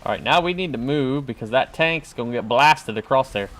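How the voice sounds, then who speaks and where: A man chats casually through his game stream, jokes along the way and yells at what happens on screen. His voice sits at a middle pitch but moves around a lot. The delivery is unscripted and animated. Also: fairly quick. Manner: animated, joking, yelling at the game. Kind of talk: casual gameplay commentary.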